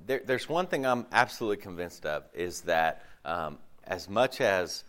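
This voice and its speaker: Hoarse pastor guy, voice gone deep, rambling sermon full of ums and restarts. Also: expressive, normal speed, a bit bright. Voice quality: deeper than usual. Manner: rambling, chatty, many fillers and restarts. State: hoarse from a lost voice. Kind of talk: casual sermon. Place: church service before a congregation.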